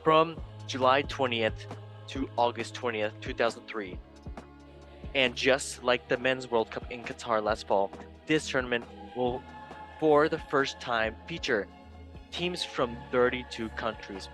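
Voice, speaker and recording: A man's voice: medium pitch, measured pace, faint music behind. Goofy, playful male podcast host. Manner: goofy, playful, jumps between loud and quiet. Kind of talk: casual sports show banter.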